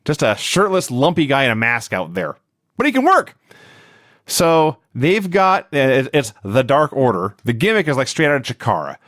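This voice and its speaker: A man's voice: moderate pace, no room sound, studio quality. A man co-hosting a podcast, giving a wry, laughing recap of a wrestling show in casual chat. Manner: wry, laughing recap with lively swings in pitch.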